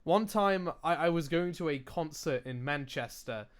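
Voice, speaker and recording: This is a young man chatting casually as a podcast co-host. His voice sits a touch high for a man. He rambles, loses his words, swears and laughs at himself. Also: expressive, moderate pace. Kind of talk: casual chat.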